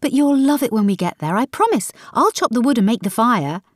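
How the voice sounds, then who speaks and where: A woman voicing an eager, romantic wife who coaxes and pleads in a raised, lively voice. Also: a little high, fairly quick, no echo, studio quality, pitched above the performer's own voice. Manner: eager, pleading, bright-toned.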